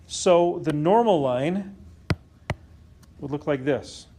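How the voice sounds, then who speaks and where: A man's voice: fairly high pitch, slow pace, mellow, a little hiss or hum. A man teaching a calculus lesson to a class, often stopping to question the students and check that they follow. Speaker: math teacher.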